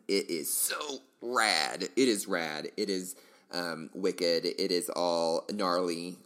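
Deep-voiced guy rambling on his podcast, lots of ums, super enthusiastic. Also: a bit bright. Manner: rambling, enthusiastic, full of fillers and restarts. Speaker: podcast host. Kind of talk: casual solo podcast chat.

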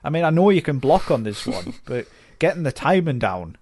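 A man's voice: fairly high pitch, big pitch swings, moderate pace, a little mellow. A man with a wry, exasperated way of talking in casual game chat. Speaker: podcast co-host.

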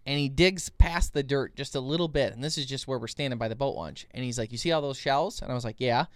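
Smooth-voiced man telling a rambling story. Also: mid-range voice, quick pace, no room sound. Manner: rambling, animated storyteller with many restarts. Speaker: podcast co-host. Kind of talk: casual storytelling chat.

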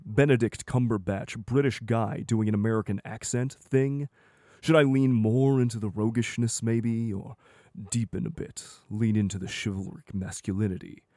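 A man voicing a roguish, chivalric medieval knight who speaks softly and in measured phrases. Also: lowish voice, no echo, clean studio sound, pitched below the performer's own voice, lightly acted.

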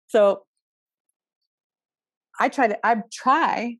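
A woman's voice: mid-range voice, animated, drawn-out words, pauses often, no room sound, studio quality. A woman giving an astrology talk in a casual, earnest way, pressing her point with emphatic rhetorical questions and the odd blunt swear word. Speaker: astrology speaker.

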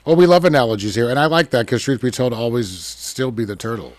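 A man's voice: mid-range voice, fast talker, no room sound. A man hosting a podcast interview, asking questions and affirming his guest. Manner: affirming, encouraging, steady. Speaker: podcast host. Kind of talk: casual interview talk.

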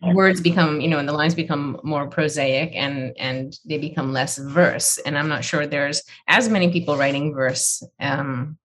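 A woman's voice: sits low, steady tone, measured pace, few pauses, fairly bright tone, slight background noise. A woman poet in conversation, telling reflective, digressive stories about learning her craft and often restarting her phrases. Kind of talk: conversational storytelling.

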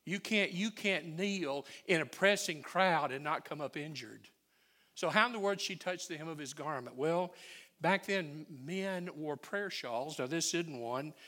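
A male pastor preaching a sermon, telling the story with lively swings and dropping to near-whispers. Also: on the high side, a little slow. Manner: animated storyteller who drops to near-whispers.

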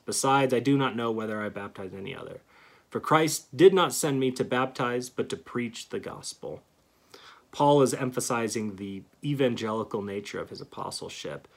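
A man giving an earnest theology lecture, stressing key words and pausing to restart phrases. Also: lowish voice, vocal fry. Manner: earnest, emphatic, reads scripture aloud with pauses and restarts. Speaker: Christian teacher.

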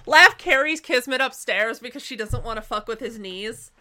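A woman's voice: fairly high pitch, normal speed. A woman joking around as a player in a casual tabletop game. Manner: animated, joking.

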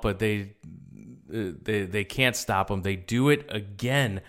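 A man co-hosting a casual podcast, blunt and quick to agree. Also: medium pitch, fairly bright tone. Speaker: podcast co-host. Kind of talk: casual chat.

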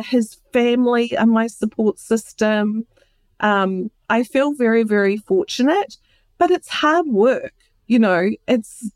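A woman's voice: fairly high pitch, dry recording. A woman being interviewed, telling her own story in a candid, heartfelt way. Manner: earnest and heartfelt, with many restarts. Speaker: interview guest.

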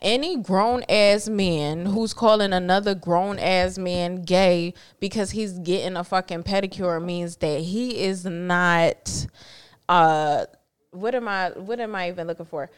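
A woman's voice: on the low side, a little slow, clear, resonant tone. A woman hosting a podcast in casual chat, blunt and outspoken, swearing freely. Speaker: podcast host.

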